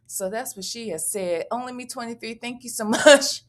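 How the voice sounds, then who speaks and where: A woman's voice: fairly high pitch, normal speed. A woman hosting a casual livestream, chatty and profane, reading out viewer messages and thanking them. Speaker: livestream host.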